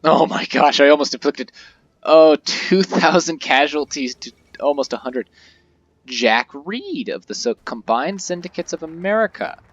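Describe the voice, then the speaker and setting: A man's voice: a little high, lively intonation, unhurried, no echo, lo-fi sound. Jokey man commentating a strategy game. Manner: chatty, jokey, reacts aloud to the game. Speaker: let's-play host.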